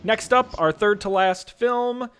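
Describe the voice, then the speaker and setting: A man's voice: high-pitched, a bit bright, clear, resonant tone. A man hosting a casual podcast, calling out bids like an auctioneer and joking along the way. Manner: joking, quick auctioneer patter. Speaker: podcast host running a movie draft auction.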